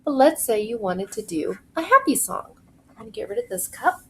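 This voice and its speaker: A woman's voice: sits high, wildly swooping pitch, darkish tone, slight background noise, low-quality recording. Woman teaching kids music from her kitchen. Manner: slow, clear, encouraging instructions to young kids. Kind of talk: home video music lesson for children. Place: home kitchen.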